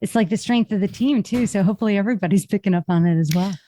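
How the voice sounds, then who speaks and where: A woman hosting a podcast, mostly giving brief affirmations and quick interjections in casual chat. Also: medium pitch, warm tone. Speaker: podcast host.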